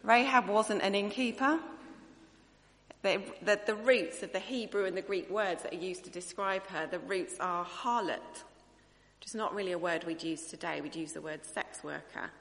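Bright-voiced woman preacher, reverberant. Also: medium pitch, moderate pace. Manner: conversational, earnest, thinking aloud. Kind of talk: sermon.

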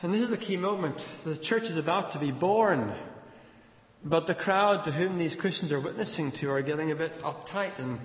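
Male preacher, storytelling sermon, high voice, echoey hall, dull lo-fi sound. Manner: vivid retelling with shifting pace and dramatic pauses.

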